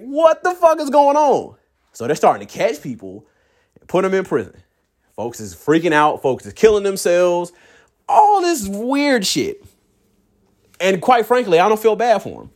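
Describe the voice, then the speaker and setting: Young man, loose profane vlog rant, ordinary mid-range pitch. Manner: profane, animated, mimics people in high voices; drops to low, slow tone when serious. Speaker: vlogger. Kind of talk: casual ranting monologue.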